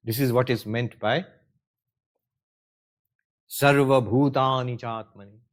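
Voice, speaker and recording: A man's voice: mid-range voice, fairly even intonation, takes it slowly. A man giving a conversational lecture on scripture as a spiritual teacher, wry and full of rhetorical questions.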